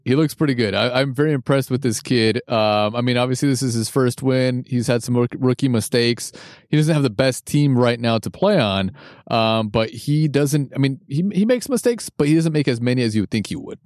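A man's voice: medium pitch, a little fast, a little mellow, no echo, clean studio sound. A man co-hosting a casual sports chat, giving his opinions hesitantly, with restarts, repeated words and lots of "I mean". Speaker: podcast co-host.

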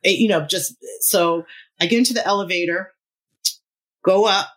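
A woman in her fifties, a musician appearing as a guest in a casual interview, tells a story at a moderate pace in a medium-pitched voice. She's animated, laughing often and acting out what other people said.

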